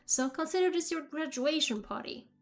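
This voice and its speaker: A woman voicing a warm, goofy single father in a video game, reading his lines evenly and upbeat. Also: sits high, animated, moderate pace, voice pushed up. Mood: proud.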